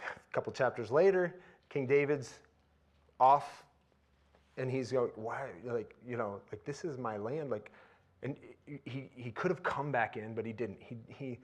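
A man preaching a sermon in a conversational way, turning animated and loud when he retells scenes. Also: mid-range voice.

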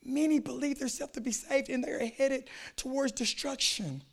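High-voiced preacher swinging from shouts to hushes. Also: male voice, moderate pace, creaky. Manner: swings between shouted fervor and quiet intensity; repeats phrases for emphasis. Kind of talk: sermon.

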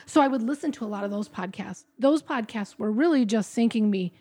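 A woman's voice: a little high, brisk, darkish tone. Candid woman sharing her story. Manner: candid, emotional, quotes her own thoughts aloud. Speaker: podcast guest. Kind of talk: personal testimony interview.

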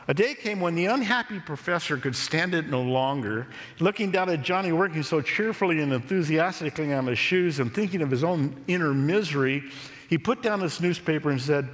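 A pastor preaching a sermon, telling a story in a slow, measured way. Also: male voice, medium pitch, a bit bright. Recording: long reverb of a large hall.

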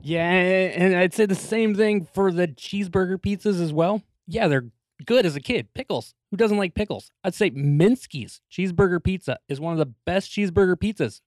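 A man's voice: high-pitched, normal speed, no echo. A man chatting easily as a guest on a casual podcast. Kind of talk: casual chat.

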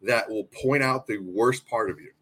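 A man co-hosting a casual sports show, rambling and swearing, with loud whoops. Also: lowish voice, moderate pace, husky. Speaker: podcast co-host.

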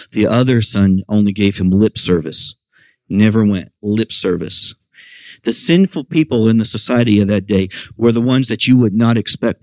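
A man's voice: lowish voice, darkish tone, no room sound. A middle-aged man preaching a sermon at a church service, talking animatedly and raising his voice for quoted questions. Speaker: pastor.

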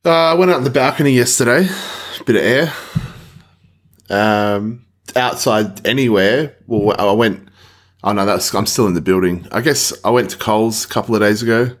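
A rambling man chatting on a podcast with his mates. His voice sits a little low, and his talk is loose and sweary, with plenty of laughs. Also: normal speed. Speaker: podcast co-host. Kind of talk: casual chat. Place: Melbourne apartment.

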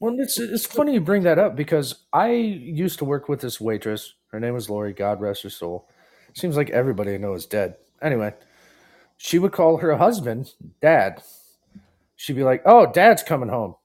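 Male co-host, anecdote teller, profane and expressive, bright lively delivery. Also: medium pitch, moderate pace. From not the Southern US. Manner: tells anecdotes, swears, acts out dialogue. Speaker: podcast co-host. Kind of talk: casual storytelling.

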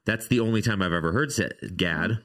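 A man's voice: fairly low pitch, brisk, fairly bright tone. A man co-hosting a casual podcast chat, teasing his co-host in dry banter.

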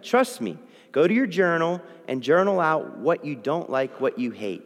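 A man's voice: a little high, moderate pace, faint music behind. A man preaching a sermon to a live congregation, acting out quoted prayers and complaints as he goes. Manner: animated, acts out quoted prayers. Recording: long reverb in a hall.

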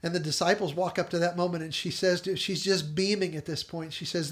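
A man co-hosting a podcast, casually retelling a TV episode in earnest storyteller fashion and quoting its dialogue softly. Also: fairly high pitch, fairly quick, hardly any pauses. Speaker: podcast co-host.

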